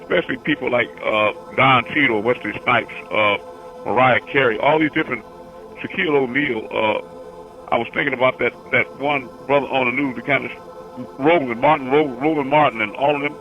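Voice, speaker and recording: A man's voice: mid-range voice, brisk, dull audio, soft background music. A man hosting a call-in session, talking casually and rambling, repeating words as he recounts long visions. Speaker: host answering callers.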